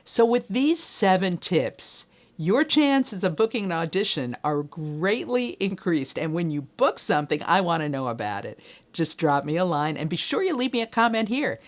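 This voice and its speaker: Woman, middle-aged, voiceover coach, low-ish voice, lively swooping delivery, conversational training video. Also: normal speed. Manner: upbeat and conversational, talks straight to the viewer. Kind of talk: direct-to-camera training video.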